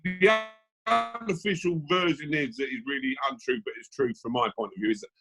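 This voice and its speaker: A man's voice: on the high side, fairly quick, music in the background. A man hosting a casual chat over a video call, joking and teasing his guest. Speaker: host.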